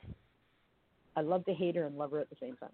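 A man co-hosting a podcast in casual chat, excitable and playful, with a stuffy nose that makes him sound nasal. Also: on the high side, dry recording. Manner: excitable, playful, quick to interject. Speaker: podcast co-host. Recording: tinny phone-line sound.

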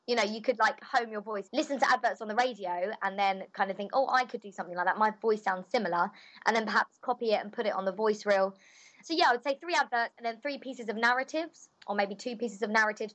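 A cheerful young woman, a voice actor answering interview questions in a chatty, bubbly way. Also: mid-range voice.

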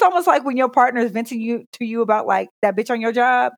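A woman co-hosting a casual podcast, telling an animated, profane story about her son. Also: on the high side, very fast, few pauses, no echo. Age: adult parent. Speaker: podcast co-host. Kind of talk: casual chat.

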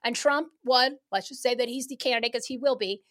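A woman guest on a talk show speaking in a fired-up, emphatic, rapid way. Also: fairly high pitch, a bit bright. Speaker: guest activist. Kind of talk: casual talk-show chat.

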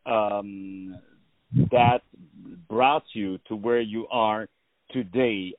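Male radio host, mid-pitched, exuberant and joking, tinny lo-fi audio. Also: no room sound. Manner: exuberant, playful, hype-style announcing. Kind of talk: radio interview hosting.

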